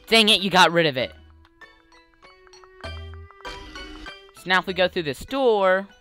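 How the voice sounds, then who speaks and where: Low-voiced woman, casual game commentator, chatty, playful. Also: expressive, takes it slowly, pushed and bright, soft background music. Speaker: let's play commentator.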